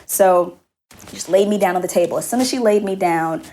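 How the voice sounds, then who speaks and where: A young adult woman, a podcast guest and new mother, telling her story in casual conversation and acting out what others said with lively jumps in her voice. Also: fairly quick, a little hiss or hum. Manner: animated, acts out other people's quotes with jumps in pitch.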